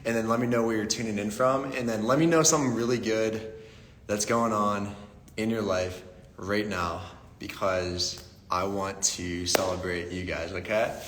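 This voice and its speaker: A man's voice: lowish voice, fairly even intonation, normal speed, fairly bright tone, a little hiss or hum. Upbeat young man hosting a livestream, echoey room. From Pittsburgh, USA. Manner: upbeat, greets viewers by name. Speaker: livestream Q&A host. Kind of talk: casual live-stream chat. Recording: echoey room with long reverb.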